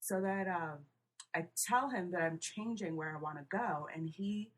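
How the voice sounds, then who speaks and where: A woman's voice: fairly low pitch, moderate pace. A young woman, a podcast guest telling a casual story and acting out what people said. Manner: casual, swearing, quotes people with voices. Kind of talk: casual chat.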